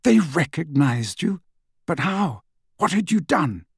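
A man's voice: on the high side, big pitch swings, slow pace, vocal fry, breathy edge, dry recording, studio quality, pitched above the performer's own voice, heavily acted. A man voicing a stern, tense adult wizard who speaks tersely and sharply.

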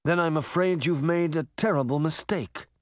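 A man voicing a calm, cold male villain who speaks in a measured, detached way. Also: on the high side, dry recording, studio quality, voice pushed up, close to an everyday voice.

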